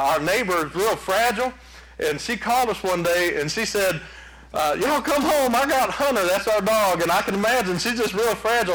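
A man preaching a sermon, telling folksy stories in an animated way. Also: sits high, poor audio. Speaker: pastor.

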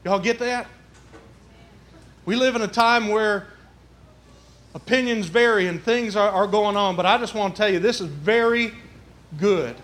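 Folksy preacher in an echoey church. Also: male voice, high-pitched, unhurried, long pauses, a bit bright. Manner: folksy, conversational preaching with asides. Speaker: pastor. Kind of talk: sermon. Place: church sanctuary. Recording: roomy church echo.

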